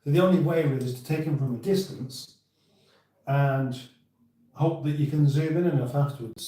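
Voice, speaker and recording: A man's voice: mid-range voice, dark tone, distant mic. A man hosting a casual live chat and reading viewer comments aloud, rambling and self-interrupting with dry humour, recorded in an echoey room. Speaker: livestream host.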